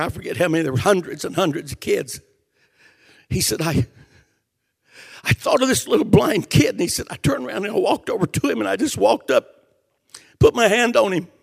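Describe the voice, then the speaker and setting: An older man preaching a fervent sermon, emotional, swinging from shouted passages to quiet storytelling. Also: sits high, creaky, husky.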